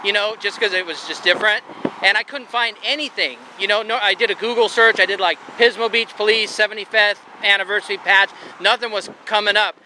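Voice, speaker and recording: Chatty man, bright high voice, outdoor camera audio with faint traffic behind. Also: fairly quick. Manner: chatty, rambling, laughs often. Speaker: YouTube auditor filming in public. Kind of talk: casual chat to camera and with an officer. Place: outdoors on a sidewalk by a road. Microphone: handheld camera mic.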